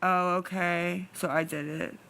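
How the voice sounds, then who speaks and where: Tired woman livestreaming, anxious and pleading, bright, tense tone, rambling casual chat. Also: on the low side, steady tone, measured pace, slight background noise. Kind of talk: casual live-stream chat.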